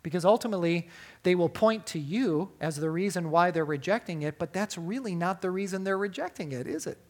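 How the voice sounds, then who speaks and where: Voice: medium pitch, animated, fairly quick. A preacher delivering a sermon on a Bible passage, emphatic and often asking the listeners rhetorical questions. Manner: emphatic, with wide swings in loudness.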